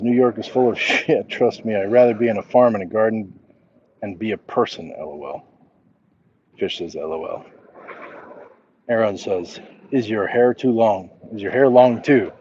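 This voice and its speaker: A middle-aged man with a fairly low, warm voice walks outdoors at night among crickets while hosting a livestream. The lo-fi audio has slight background noise as he chats casually and reads viewer comments aloud, laid-back and chuckling.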